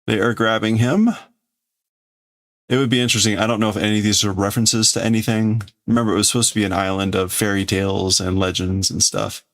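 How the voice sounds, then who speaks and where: A man's voice: fairly low pitch, little pitch movement, quick pace. A man who streams himself translating a comic, talking casually and thinking aloud with many hedges. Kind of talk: casual live commentary.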